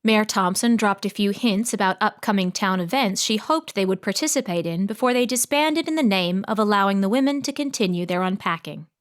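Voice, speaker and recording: A woman narrating an audiobook in a steady storytelling manner. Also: medium pitch, fairly quick, hardly any pauses. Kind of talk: scripted narration.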